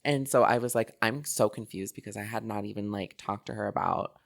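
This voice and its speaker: A young woman co-hosting a podcast, telling a story in casual chat, animated and full of fillers and swearing. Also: extremely low pitch, a little fast, vocal fry. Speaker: podcast co-host.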